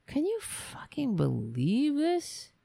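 A woman's voice: sits high, wildly swooping pitch, slow pace, vocal fry, mellow, slightly rough. A woman hosting a political commentary show, talking in a sarcastic, profane and exasperated way. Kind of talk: casual political rant.

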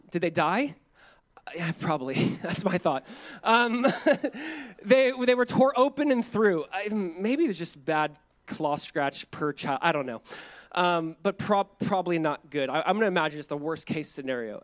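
Pastor guy preaching, kinda high voice, chatty and animated, acts out lines. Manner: animated, conversational preaching with laughs and acted-out quotes. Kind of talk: sermon.

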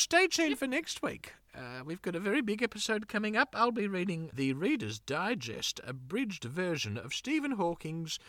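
A comedy podcast co-host speaks in a bright tone with lively pitch and a dry, mock-formal manner. The sound is close and dry. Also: no echo. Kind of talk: comic banter.

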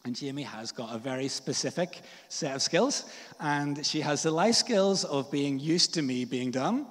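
A man's voice: a little high, expressive, moderate pace, a bit bright, big-room sound. A man from Northern Ireland with a Northern Irish accent, preaching a sermon in a casual, jokey storytelling way with slang and fillers. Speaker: pastor. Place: church.

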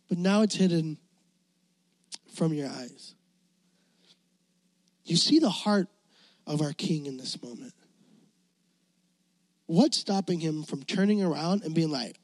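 Brief: youth pastor delivering a passionate sermon, male, high voice, dry close mic. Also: slow pace, long pauses, dry recording. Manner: impassioned preaching, rising to near shouting.

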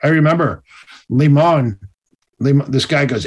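Animated male storyteller. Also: mid-range voice, moderate pace. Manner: animated, acts out quoted voices. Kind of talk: casual storytelling.

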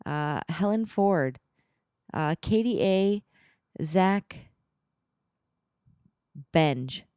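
A woman's voice: fairly low pitch, lively intonation, very slow, dark tone, clean tone, dry recording, clean studio sound. A woman co-hosting a podcast in casual chat, laughing often and stumbling over names as she reads them. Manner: laughing, fumbling through names. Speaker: podcast co-host.

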